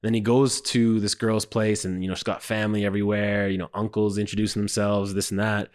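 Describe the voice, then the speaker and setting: A man giving casual comedic commentary on a show he watched, animated and profane, mocking it and jumping into high squeaky voices when he quotes people. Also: fairly quick. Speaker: show reviewer.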